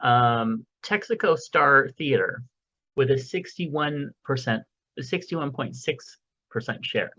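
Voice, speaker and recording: Brief: male podcast host, animated pitch, unhurried delivery, muffled lo-fi home mic. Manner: rambling, jokey, lots of fillers. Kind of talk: casual chat. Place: home recording room, window open.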